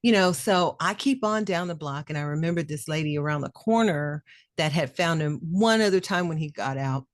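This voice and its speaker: A middle-aged woman, a podcast co-host, telling a personal story in a casual, animated and emotional way. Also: deep voice, normal speed, no room sound, clean studio sound. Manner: animated, emotional storyteller who acts out quoted voices.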